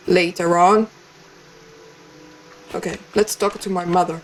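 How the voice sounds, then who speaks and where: A woman's voice: lowish voice, steady tone, measured pace, long pauses, slight background noise. A woman, a native Italian speaker, playing a text game and reading its lines aloud with chatty, playful asides. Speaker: let's play streamer.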